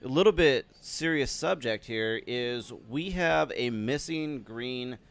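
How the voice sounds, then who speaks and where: A man's voice: medium pitch, animated, slow, creaky, fairly bright tone, clear, resonant tone. A man co-hosting live poker stream commentary with easygoing, dry remarks.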